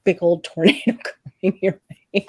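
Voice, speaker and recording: Lively low-voiced woman telling stories. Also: moderate pace, breathy edge. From Florida. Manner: animated storytelling, laughs often. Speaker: livestream host. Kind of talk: casual chat.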